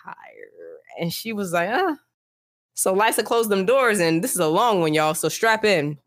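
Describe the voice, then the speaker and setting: A young adult woman co-hosting a casual podcast, talking in an animated, emphatic, slangy way and voicing strong opinions. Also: medium pitch, moderate pace. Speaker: podcast co-host. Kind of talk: casual podcast chat, reading book passages aloud.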